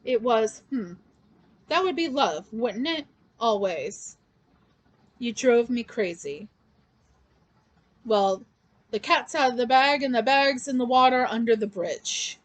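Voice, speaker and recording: A woman's voice: on the high side, animated, slow pace, pauses often. A woman voicing a mocking male clown villain in a comic recap, keeping close to her own voice. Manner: lightly read-out taunts, close to her own voice.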